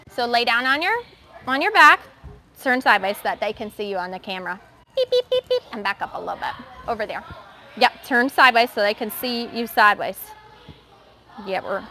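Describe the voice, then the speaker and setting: Bright, high-voiced woman coaching gymnasts. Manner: encouraging, brisk instructions to young gymnasts. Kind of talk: live coaching in a gym. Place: gymnastics gym.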